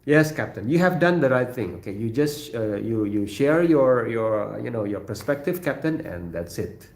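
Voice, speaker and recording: A man from Indonesia with an Indonesian accent, hosting a casual livestream from his kitchen, answering viewer comments in a halting way with many fillers and frequent chuckles. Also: mid-range voice, animated. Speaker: livestream host. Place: home kitchen. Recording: roomy echo.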